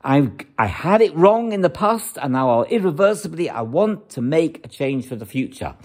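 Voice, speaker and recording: A man's voice: fairly high pitch, sing-song, normal speed. A man giving a weekly spiritual teaching, emphatic and repetitive, full of rhetorical questions. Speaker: religious teacher.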